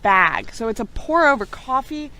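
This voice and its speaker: A woman's voice: fairly high pitch, very animated, moderate pace, sharp tone. A woman co-hosting a casual product review, chatty and frank, laughing often. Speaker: co-host.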